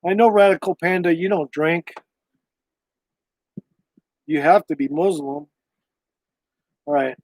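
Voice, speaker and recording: A man's voice: on the high side, unhurried, pauses often, dry recording. A man livestreaming from home, talking in a loose, meandering way with a lot of swearing. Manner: loose, profane, meandering talk. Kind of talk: casual rambling livestream chat.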